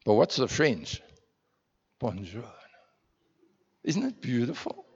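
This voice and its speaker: A man's voice: on the high side, animated, measured pace. A man from South Africa, preaching in a slightly raised voice as a pastor. He speaks conversationally, asks his congregation many rhetorical questions and repeats words as he goes. The sound is muffled and carries a long echo from the church hall. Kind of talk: sermon.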